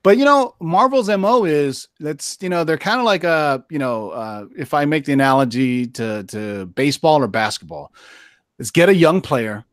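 A man with a voice a touch higher than usual talks loosely and profanely, circling his points through filler words. The sound is dry and close, with no room around it. This is casual podcast chat. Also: animated, normal speed, no room sound. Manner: rambling and profane, lots of "you know" fillers.

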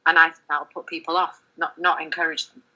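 A middle-aged woman journalist speaking candidly in an interview, animated, with many fillers and restarts. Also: low voice, a little fast, highs cut off. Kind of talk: conversational interview.

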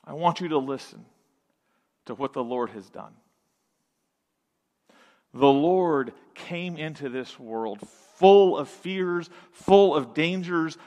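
A man preaching slowly and deliberately in a fairly high voice, leaning on single words and leaving long dramatic pauses. He drops to a near hush, then swells back up. His voice rings with the long reverb of a large church hall. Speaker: pastor. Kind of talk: sermon.

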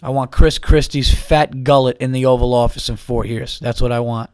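A man's voice: medium pitch, steady tone, moderate pace, no echo, clean studio sound. A man hosting a podcast, a little buzzed, ranting profanely in a rambling casual monologue. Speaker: podcast host.

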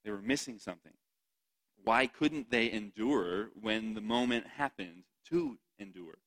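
Man, preacher, lowish pitch, bright forceful tone, chatty sermon delivery with laughs. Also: lively intonation, a little slow, rough recording. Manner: chatty, laughs often, asks the audience "right?".

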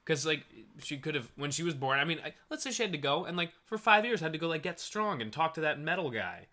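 A man's voice: a little high, animated, fast, sharp tone. A young man co-hosting a podcast in casual chat, animatedly acting out quotes from characters. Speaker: podcast co-host.

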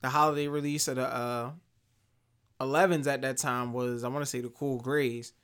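A young man casually telling a story, animated and laughing often, acting out the voices of the people in it. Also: medium pitch, normal speed, smooth.

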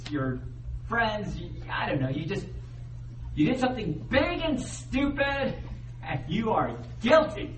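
A man preaching a sermon as the pastor, in a conversational, animated way, and he acts out the voices of the people he quotes. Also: sits high. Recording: roomy echo, heard from a distance, faint background noise.

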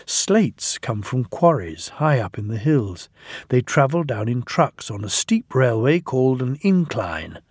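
A middle-aged man reading a children's storybook aloud, slow and animated, recorded close to the mic in a studio. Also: mid-range voice, husky, dry recording. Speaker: audiobook narrator.

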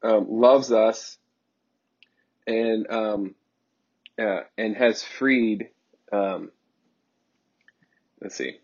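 A man preaches a sermon in a husky, somewhat low voice. He presses his points with fervent repetition and thinks aloud between them. The recording sounds dull and lo-fi. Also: steady tone, very slow, long pauses, a little mellow. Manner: fervent and emphatic, with repeated phrases and frequent ums.

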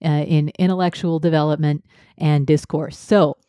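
A woman's voice: low-pitched, steady tone, moderate pace, mellow, no echo. A woman co-hosting a casual podcast, talking in a dry, self-deprecating way with lots of "uh" fillers. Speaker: podcast co-host.

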